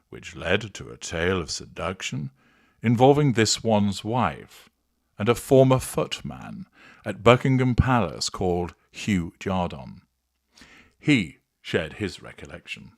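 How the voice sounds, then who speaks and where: A man as host, giving scripted satirical narration in a sardonic, measured way. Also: low-pitched, vocal fry, no echo, clean studio sound.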